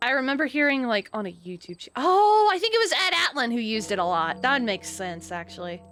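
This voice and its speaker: Young woman streamer, kinda high voice, mutters along then yelps when stuff happens. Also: big pitch swings, fast talker, pushed and bright. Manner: chatty, muttering to herself, sudden high exclamations. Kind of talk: live gameplay commentary.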